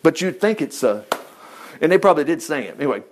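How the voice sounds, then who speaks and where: Guy teaching bible study, folksy, chuckles a lot, high voice that jumps all over. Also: quick pace, a little hiss or hum. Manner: folksy, animated, chuckles often.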